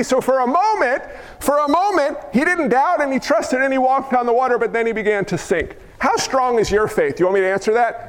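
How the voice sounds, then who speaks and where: A high-pitched man preaches to his church, casual and conversational, firing rhetorical questions at the congregation and joking with them. His voice rings out with a long hall reverb from the sanctuary. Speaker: pastor. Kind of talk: sermon.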